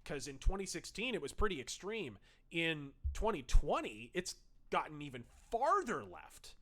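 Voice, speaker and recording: A man's voice: on the high side, sing-song, normal speed, bright, forceful tone. Snarky, profane male livestream host. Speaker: livestream host reading chat. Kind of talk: casual livestream commentary.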